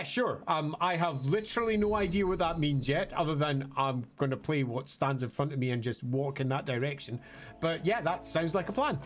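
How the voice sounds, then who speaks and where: A man casually commenting on a game live stream, chatty and self-mocking. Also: fairly high pitch. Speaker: streamer playing a video game. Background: faint game music.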